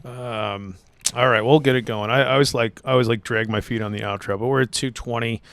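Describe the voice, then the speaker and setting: A man's voice: medium pitch, fairly even intonation, brisk, vocal fry, fairly bright tone, clean tone, dry recording. A man co-hosting a casual baseball podcast, rambling with lots of "like" and laughing often. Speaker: podcast co-host. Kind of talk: casual chat.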